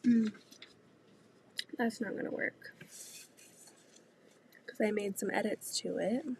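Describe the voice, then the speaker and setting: Soft-spoken nasal woman with a cold. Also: mid-range voice, takes it slowly, vocal fry, slight background noise. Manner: talks softly, often half-whispering. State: congested with a cold. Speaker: vlogger. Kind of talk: casual chat while sewing. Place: home sewing room, indoors.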